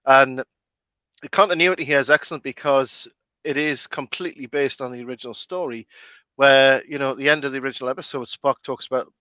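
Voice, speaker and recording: A man's voice: mid-range voice, fairly even intonation, fairly quick, sharp tone, dry recording. A man hosting a casual movie watch-along commentary, chatty and full of film trivia. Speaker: host.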